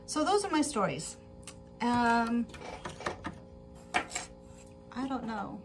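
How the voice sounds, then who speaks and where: A woman with a fairly high voice hosts a casual sewing livestream from home. She rambles through her chat with plenty of filler words and frequent giggles. Soft music plays faintly behind her. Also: sing-song, a little slow. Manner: giggly, laughs often. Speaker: livestream host.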